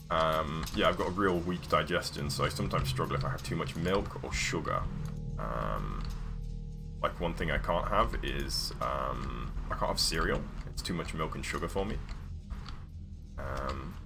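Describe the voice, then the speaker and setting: A man's voice: very deep voice, creaky. A man chatting casually on a livestream as he paints, rambling with lots of ums and restarts. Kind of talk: casual stream chat while painting. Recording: music playing under the voice. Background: background music, keyboard typing.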